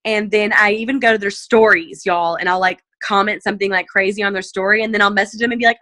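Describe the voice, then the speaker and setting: Chatty sales lady on a video call, bright voice, dry close sound, lots of "like". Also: fast talker, hardly any pauses, dry recording. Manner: chatty, heavy use of "like" and "you know"; animated, jumps up in pitch when acting out messages. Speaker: direct sales team leader. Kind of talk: casual sales coaching talk. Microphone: video call mic.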